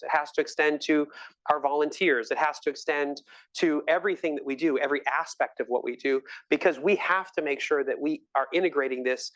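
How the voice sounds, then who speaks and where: A middle-aged man, a physician, answering audience questions at a live lecture with enthusiastic, storytelling energy. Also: fairly high pitch. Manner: enthusiastic, warm storytelling with laughs. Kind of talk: live grand rounds Q&A.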